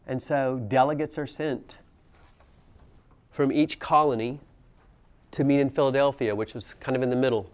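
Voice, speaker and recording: A man with a smooth, clear voice at a middle pitch teaches history to a classroom. He talks casually and keeps asking his students questions as he goes. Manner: conversational, asks the class questions. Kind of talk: classroom lecture.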